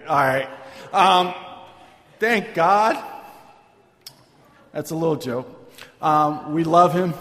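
A man's voice: a little high, a bit bright. A man preaching a sermon in a casual, conversational way, often checking in with "right?" and "man". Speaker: pastor. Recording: long hall reverb.

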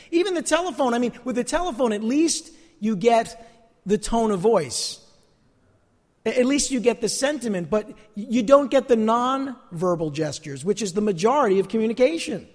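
Earnest male preacher, high voice, echoey church hall. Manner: earnest, animated preaching with emphatic repetitions. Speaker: pastor. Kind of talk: sermon.

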